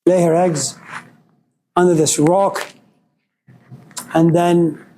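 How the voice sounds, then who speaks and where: A man's voice: fairly high pitch, level tone, extremely slow, noisy background. A man giving a storytelling lecture in a wry, dramatic way.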